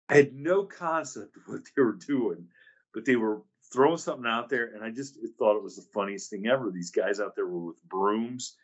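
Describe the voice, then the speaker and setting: A man's voice: fairly low pitch, slightly rough, highs cut off. A man hosting a podcast, musing and rambling in casual chat. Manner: rambling, musing, laughs easily. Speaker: podcast host.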